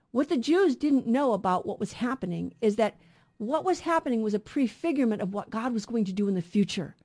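A woman's voice: a little high, a little mellow. Earnest woman teaching Bible on radio. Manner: earnest teaching, asks rhetorical questions. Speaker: radio Bible show co-host.

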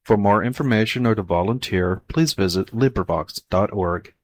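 A man's voice: on the low side, normal speed. A man reading the formal introduction to an audiobook recording. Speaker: audiobook reader.

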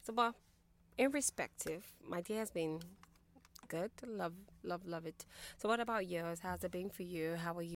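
A young adult woman, hosting a radio call-in show and earnestly encouraging her listeners. She moves between soft near-whispers and louder pleading. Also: on the low side, moderate pace. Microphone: studio microphone.

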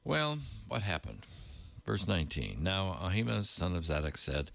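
Brief: male Bible teacher, low voice with lively pitch, dry close sound. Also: normal speed, gravelly, no echo. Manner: reads scripture aloud, then adds plain casual asides. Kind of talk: Bible reading with commentary.

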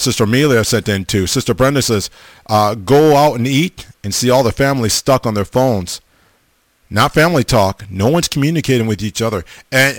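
A middle-aged man casually chatting as a host, reading viewer comments in a folksy, animated way, often repeating himself. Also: mid-range voice, no room sound. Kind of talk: casual chat.

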